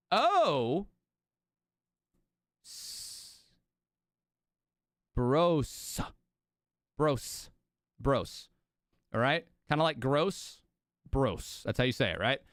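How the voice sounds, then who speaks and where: A man's voice: medium pitch, no room sound, studio quality. A man hosting a casual live-stream watch party, rambling and swearing freely as he chats with his audience, sleepy and yawning. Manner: rambling, profane and animated.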